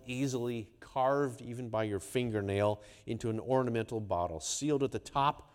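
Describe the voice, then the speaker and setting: A man preaching a sermon, swinging between hushed, quiet lines and loud, emphatic ones. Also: mid-range voice. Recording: long hall reverb.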